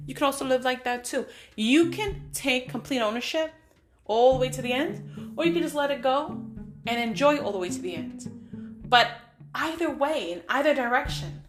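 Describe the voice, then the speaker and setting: A middle-aged woman hosting a podcast, giving casual motivational talk in a direct, emphatic way straight to the listener. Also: sits high. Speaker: podcast host.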